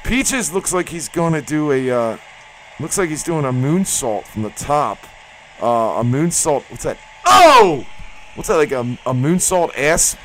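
A man doing mock wrestling play-by-play, rambling and excitable with sudden yelps. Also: on the high side, measured pace, a little hiss or hum, poor audio. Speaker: play-by-play commentator.

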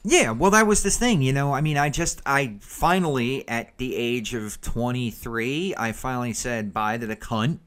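A man's voice: medium pitch, normal speed, few pauses, fairly bright tone. A man co-hosting a podcast, talking loosely about his son in casual chat, with many fillers. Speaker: podcast co-host.

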